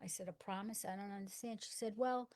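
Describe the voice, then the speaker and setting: Woman, middle-aged, earnest storyteller, hushed quoted speech, conversational. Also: mid-range voice, steady tone, brisk. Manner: earnest storyteller acting out dialogue in hushed tones. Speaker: guest. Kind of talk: personal testimony in conversation.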